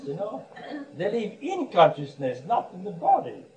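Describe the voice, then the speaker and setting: A man's voice: sits high, wildly swooping pitch, normal speed, crowd noise. A man giving a sermon as a monk, telling stories with frequent chuckles and restarts. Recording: roomy echo, distant mic, faint background hum.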